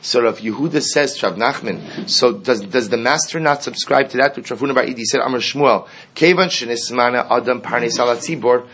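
A man's voice: medium pitch, a little fast, hardly any pauses, a bit bright, a little hiss or hum. A man teaching a Talmud class, explaining each line and asking rhetorical questions as he goes.

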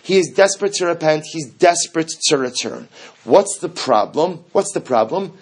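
Male teacher, fairly high husky voice, lively text-study lecture with rhetorical questions. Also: normal speed. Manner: animated, rhetorical questions, Hebrew quotes. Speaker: Torah teacher. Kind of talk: text-based Talmud class.

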